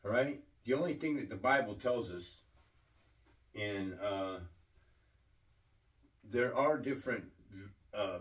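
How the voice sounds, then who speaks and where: A man preaching a sermon-style teaching, slow and deliberate, often asking his listeners questions. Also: fairly low pitch, far from the mic, poor audio.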